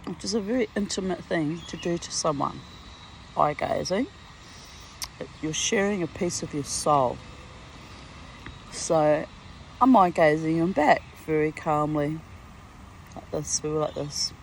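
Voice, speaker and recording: A woman's voice: low voice, measured pace, creaky, pauses often, a little hiss or hum, low-quality recording. A woman in her sixties from Australia, telling a rambling personal story at home, full of asides and laughs. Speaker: vlogger. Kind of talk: casual storytelling monologue. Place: at home near a garden.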